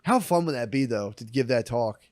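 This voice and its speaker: A man's voice: mid-range voice, animated, moderate pace, darkish tone, dry recording. A young man in casual chat, telling crude stories and laughing often.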